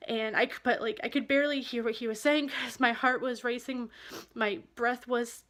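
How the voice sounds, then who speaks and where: A woman vlogger telling a personal story in a candid, halting and emotional way. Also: fairly high pitch, fairly even intonation, a bit bright.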